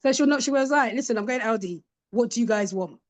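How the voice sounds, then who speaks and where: A woman's voice: a little high, fast. A woman, a podcast guest telling stories in a casual chat and acting out the voices of the people she quotes. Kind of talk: casual storytelling interview.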